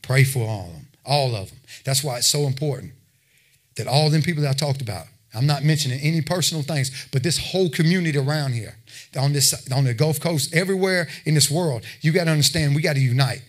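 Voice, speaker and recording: A man's voice: on the high side, lively intonation, fast. A man preaching a sermon, talking plainly with his listeners and building to emphatic exhortation. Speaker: pastor.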